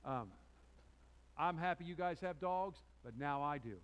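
A man preaches to his congregation in a fairly high voice. He swings between loud, emphatic peaks and quiet, intense lines, and tells a personal story with restarts and asides. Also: normal speed, clean tone, low-quality recording. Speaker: pastor. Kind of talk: sermon. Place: church sanctuary before a congregation.

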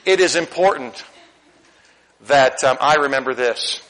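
A middle-aged man preaching a sermon in a church, candid and animated, swinging between loud emphasis and quiet asides. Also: medium pitch, a little slow, rough recording. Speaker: pastor. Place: church sanctuary.

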